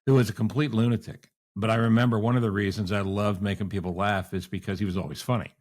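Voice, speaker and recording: A man's voice: on the low side, steady tone, quick pace, a little mellow. A man hosting a casual talk show, sharing a family story and backing up his guest with short agreements. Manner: easygoing, frequent short agreements. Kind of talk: casual chat.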